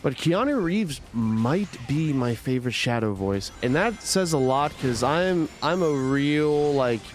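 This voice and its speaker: A man's voice: medium pitch, lively intonation, unhurried, hardly any pauses. A young man streaming a game and chatting casually, rambling with many restarts and filler words. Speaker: gaming streamer. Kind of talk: casual chat while playing a game.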